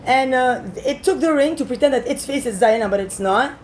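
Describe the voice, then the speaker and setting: A woman with a notably high voice delivers a rambling monologue to camera. She sounds agitated and swears freely, leaping from one point to the next and now and then breaking into shouts. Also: animated, fairly quick, slight background noise. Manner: agitated, profane, jumps between topics, bursts into shouting.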